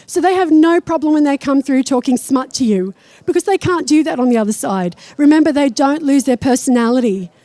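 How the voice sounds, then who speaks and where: A woman's voice: sits high, warm tone, dry recording. A woman psychic medium giving a blunt, irreverent stage talk and live readings to an audience. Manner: blunt and irreverent, swears freely.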